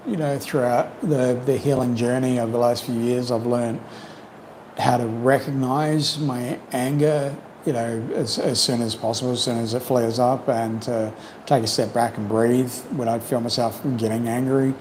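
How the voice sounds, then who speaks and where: A man hosting a casual livestream chat, rambling and reflective, full of "you know", his voice slightly croaky from long talking. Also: medium pitch, a little mellow, a little hiss or hum, rough recording. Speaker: livestream host. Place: home in Cambodia.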